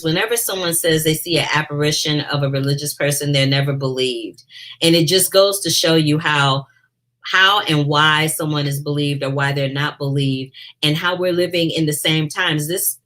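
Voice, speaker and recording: A woman's voice: low-pitched, a bit bright. A woman film critic hosting a chatty movie review talk, addressing her viewers directly. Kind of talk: casual movie review chat.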